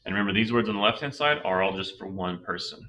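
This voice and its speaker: Deep-voiced man teaching slowly, patiently. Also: pushed and bright, distant mic, slight background noise, low-quality recording. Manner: patient, walks through reasoning step by step. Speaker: Spanish teacher. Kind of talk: slow explanatory lesson.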